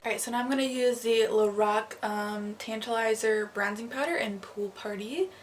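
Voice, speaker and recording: A woman's voice: a little high, normal speed, loud music behind the voice. A young woman talking through a makeup tutorial in a casual, chatty way, full of "um" and "like". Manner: chatty, casual, filler-heavy with "um" and "like". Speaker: makeup artist. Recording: slightly distant mic with faint noise.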